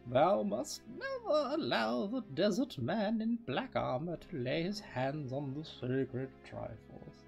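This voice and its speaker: A solemn, dying old guardian tree speaks slowly and grandly, in a high, gravelly voice as a man puts him on. Its lines are read like a storybook over a video game. Faint game music plays behind. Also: huge pitch swings, darkish tone, heavily acted. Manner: slow grand storybook reading.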